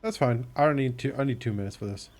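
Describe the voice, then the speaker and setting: A man playing a character in a tabletop game, speaking in slow, grand, formal phrases mixed with fillers. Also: mid-range voice, darkish tone. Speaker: player. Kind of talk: in-character tabletop role-play.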